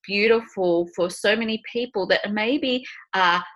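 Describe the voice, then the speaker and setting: A woman's voice: mid-range voice, measured pace, a bit bright, dull audio. A woman hosting a podcast, talking in an encouraging, reflective, meandering way. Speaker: podcast host. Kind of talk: casual podcast chat.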